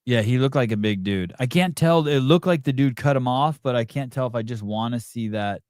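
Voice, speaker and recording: A man's voice: mid-range voice, brisk, darkish tone, dry recording, clean studio sound. Brief: male podcast host, casual and profane, reacting to a live broadcast. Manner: joking, profane, wondering aloud. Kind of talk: casual chat watching a broadcast.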